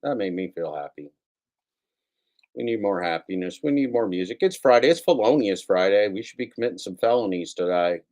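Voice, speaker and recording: A man talks loosely into his livestream, swearing freely and circling back over the same lines with self-mocking humor. His voice sits a little low. The talk is casual and unscripted, from a home computer setup. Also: expressive, brisk, a little mellow. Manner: profane, self-mocking, rambling with repetitions. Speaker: livestream host.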